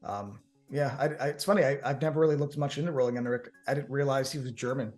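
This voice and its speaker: A man's voice: medium pitch, fast talker, darkish tone, faint music behind. A man co-hosting a casual movie talk show, enthusiastic and rambling, often repeating words and saying "man". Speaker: co-host. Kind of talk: casual chat.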